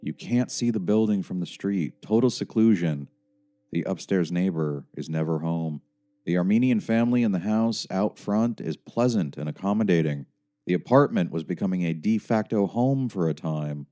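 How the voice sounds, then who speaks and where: A man's voice: low-pitched, expressive, moderate pace, mellow. A young man narrating his own story in the first person as an audiobook, wry, weary and sardonic. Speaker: author and narrator.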